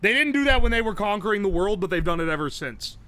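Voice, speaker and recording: A man streaming live, commenting on a game with blunt, profane, quick reactions. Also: high voice, animated, sharp tone.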